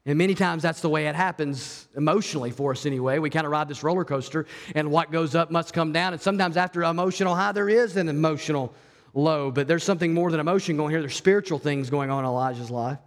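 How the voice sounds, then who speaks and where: A man preaching a sermon as pastor, telling the story in an animated way and acting out the voices. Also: on the high side, quick pace, big-room sound.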